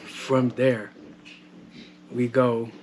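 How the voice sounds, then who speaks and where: Male podcast host, relaxed and profane, mid-pitched, recorded at home with light household noise. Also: drawn-out words. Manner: loose, joking, swears freely. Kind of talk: casual solo podcast chat. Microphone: modded home microphone. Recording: faint household background noise. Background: household background noise.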